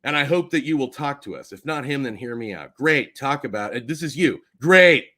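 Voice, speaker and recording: An angry man on a livestream, swearing and swinging between low mutters and shouts. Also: animated, moderate pace. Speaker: streamer. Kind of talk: heated livestream rant.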